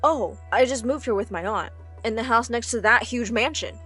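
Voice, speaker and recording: Woman voicing a friendly teenage boy, gentle, concerned, animated-story voice. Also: fairly high pitch, normal speed, faint music behind, natural voice. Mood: kind. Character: kind, friendly teenage boy, new neighbor.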